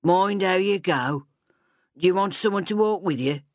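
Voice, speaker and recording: Brief: gentle, concerned pub regular in a storybook reading, a touch raised in pitch, played by a woman narrator. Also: takes it slowly, no echo, studio quality. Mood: kind. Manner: gentle, kind. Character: kindly man in a pub, concerned.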